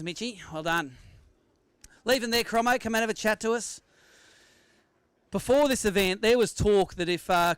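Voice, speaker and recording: An Australian man running a live weigh-in, cracking jokes and ribbing each competitor as he goes. His voice sits high and rings smooth and clear. The sound is close and dry, with no room around it. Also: no echo. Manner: joking, teasing, chatty. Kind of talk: live event commentary with banter. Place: outdoor weigh-in at a sailing club.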